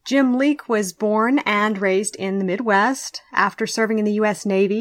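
A young woman with a neutral American accent and a slight Southern twang, speaking as a guest history writer in an interview, articulate and earnest. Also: mid-range voice. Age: young adult. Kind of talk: conversational interview, partly reading a prepared intro.

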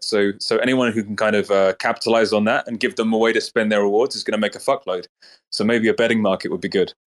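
A man in a casual online audio chat lays out his ideas, filling his speech with "like" and "um". His voice is on the low side. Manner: explains with many "like"s. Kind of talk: casual discussion.

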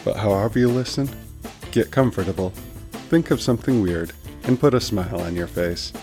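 A man's voice: lowish voice, moderate pace, a little mellow. A man hosting and narrating a serialized story podcast in a playful, upbeat way. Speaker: host and narrator. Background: music.

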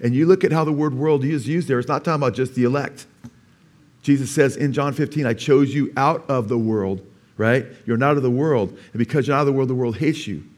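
Man, pastor, sermon, animated storytelling, emphatic, mid pitch. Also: brisk. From California. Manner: animated storytelling, rising to emphatic preaching, asks the congregation "amen?".

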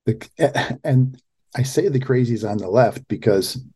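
A man's voice: medium pitch, a little slow, warm tone, husky. A man hosting a political talk radio show, talking emphatically and often restarting his phrases.

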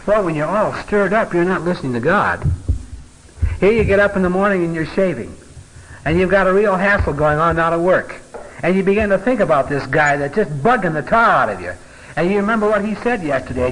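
A man's voice: sits high, a bit bright, rough recording. Folksy man teaching the Bible. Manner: conversational, joking asides, many fillers.

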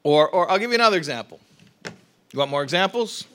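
A man teaching a religious study class, explaining ideas with rhetorical questions, quick restarts and repeated words. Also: on the high side, expressive, a bit bright.

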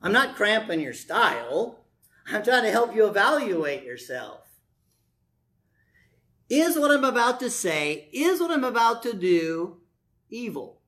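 A man's voice: high-pitched, big pitch swings, unhurried, pauses often, bright, forceful tone. A man preaching a conversational sermon to his congregation, telling stories and acting out quoted voices.

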